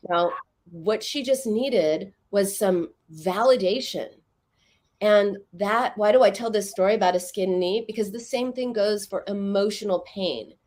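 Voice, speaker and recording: A middle-aged woman speaks as an expert guest, explaining her method in an even, mid-pitched voice. She tells stories with animation and briefly puts on the voices of the people in them. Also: a little slow. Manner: animated storytelling, acts out quoted voices. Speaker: psychoanalyst guest. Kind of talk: interview conversation.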